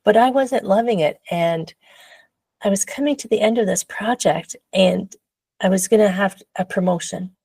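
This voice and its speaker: A woman guest telling a personal story in a casual interview, animated and laughing often, acting out her own past voice. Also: medium pitch, moderate pace, husky, no room sound.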